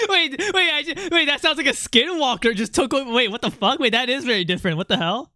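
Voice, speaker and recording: A streamer talking through a voice changer in casual livestream chat while gaming, excitable and rambling, laughing often and reacting to chat. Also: sits high, fast, no room sound, studio quality.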